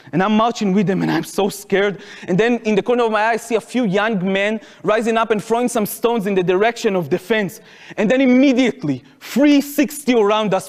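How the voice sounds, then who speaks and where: Speaking in a lecture hall with a big-room sound, a high-voiced man in his twenties with an Israeli accent addresses a public talk. He recounts his own story in the first person, using lively present tense.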